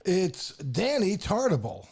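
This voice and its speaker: Male podcast host, gravelly, slightly high-pitched, rambling and jokey sports banter. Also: big pitch swings, slow, a little mellow. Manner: rambling, jokey, trails off and restarts. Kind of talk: casual sports chat.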